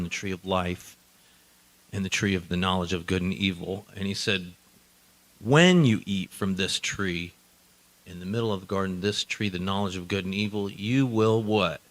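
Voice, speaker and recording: A man preaching a sermon, swinging between quiet asides and loud emphatic declarations. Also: fairly low pitch, rough recording. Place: church hall.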